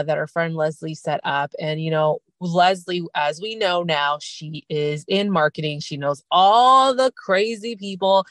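A woman's voice: on the low side, no echo. Chatty woman recapping from her car. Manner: chatty, animated, mimics people in quick asides. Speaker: podcast host recapping reality TV. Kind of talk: casual recap chat.

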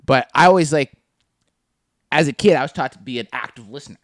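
A man's voice: medium pitch, a little fast, no echo, clean studio sound. Giggly young man telling crude stories. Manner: giggly, crude storytelling with acted quotes. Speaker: podcast co-host. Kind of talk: casual podcast chat.

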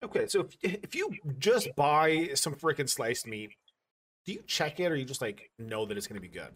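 A man hosting a podcast, telling crude stories in a loose, animated way. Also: a little high, normal speed. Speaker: podcast host. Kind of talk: casual podcast chat.

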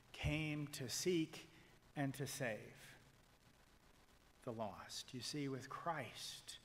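A male pastor preaching a sermon, swinging from loud proclamation to hushed whispers as he retells a story and quotes people in it. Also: medium pitch, in a large hall, slight background noise. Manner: quotes figures in a retold story.

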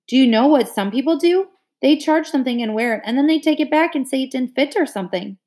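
A woman reading aloud, voicing a quarrelsome teenage girl in a shrill, indignant manner. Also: normal speed, natural voice.

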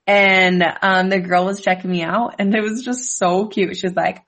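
A woman's voice: mid-range voice, steady tone, moderate pace, few pauses, fairly bright tone. A woman from Idaho telling holiday stories in a casual family chat, laughing often and filling with um and like. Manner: giggly storyteller with many fillers. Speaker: family member chatting.

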